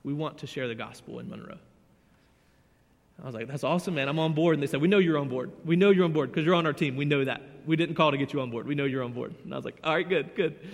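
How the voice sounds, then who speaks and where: A man, preaching a sermon as a youth pastor, earnest and emotional, swinging between loud and hushed. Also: on the high side. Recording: church hall with long reverb.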